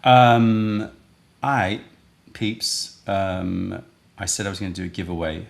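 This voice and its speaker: A man with a low, gravelly voice hosts a casual live stream. He rambles, thinks out loud and chats loosely with his viewers. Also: fairly even intonation, slow pace. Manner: rambling, chatty, thinks aloud. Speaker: livestream host selling tea.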